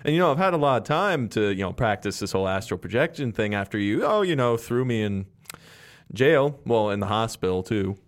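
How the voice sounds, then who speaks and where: A man's voice: lowish voice, animated, a little fast, lightly acted. A man voicing a cocky, flippant male ghost crook who talks in a wheedling way in a tabletop game. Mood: smug. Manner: cocky, calls others babe.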